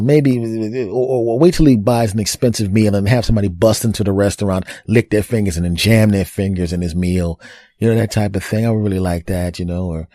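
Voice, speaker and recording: A man's voice: fairly low pitch, warm tone, no room sound, clean studio sound. A man, likely middle-aged, hosting a comedic solo podcast and talking in a rambling way full of restarts and asides. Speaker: podcast host.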